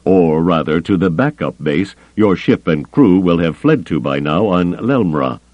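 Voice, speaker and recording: A man voicing a cold, calculating alien admiral in a calm, measured, dry manner, on a slightly muffled recording. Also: sits low, no room sound. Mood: cool.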